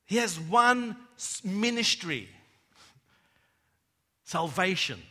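A man preaching a sermon, dropping to hushed tones and rising to loud emphatic cries. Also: high-pitched, very animated, very slow, breathy edge. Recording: long hall reverb.

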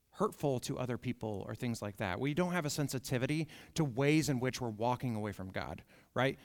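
Casual young preacher in a reverberant hall. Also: male voice, medium pitch. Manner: conversational, frequent "right?" and "like". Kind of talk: casual sermon.

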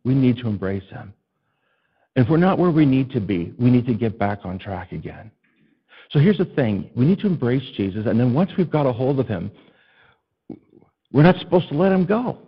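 A middle-aged man preaching a sermon as a pastor, telling a childhood story with animated storytelling and building to urgent repeated appeals. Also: mid-range voice, brisk, breathy edge, muffled recording. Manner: animated storytelling, acts out a child's panicked screams.

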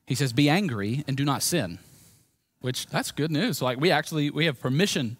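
A man with a Southern US accent preaching a sermon as pastor, swinging between loud emphasis and quiet, low moments. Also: animated, normal speed, dry recording.

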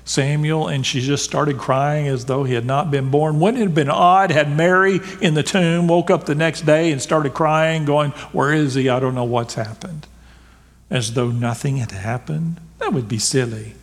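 A man preaching a sermon as a pastor, building to emphatic peaks and dropping to soft, hushed lines. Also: a little high, fairly even intonation, moderate pace, hardly any pauses. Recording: long hall reverb.

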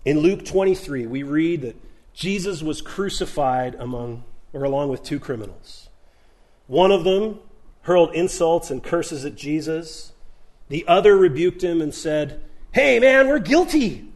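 Animated casual male pastor preaching. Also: fairly high pitch, unhurried. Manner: animated storytelling, acting out voices. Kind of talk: sermon.

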